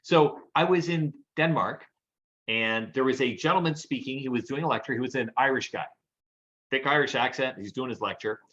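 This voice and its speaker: A man co-hosting a podcast and telling lively anecdotes in casual chat. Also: medium pitch, normal speed, muffled recording. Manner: animated anecdotal storyteller. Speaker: podcast co-host.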